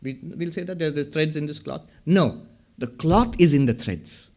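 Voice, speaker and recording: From a podium in a hall, a man lectures publicly on Vedanta, laying out ideas step by step and repeatedly asking the audience questions. His voice is a little high and darkish in tone, at a moderate pace.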